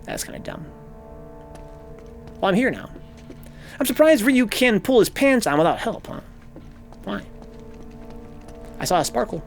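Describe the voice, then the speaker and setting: A man giving casual let's-play commentary in rambling, profane rants. His voice sits a bit high and swings widely in pitch. Faint game music runs behind him. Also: wildly swooping pitch, a little slow, creaky, long pauses. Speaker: gaming streamer.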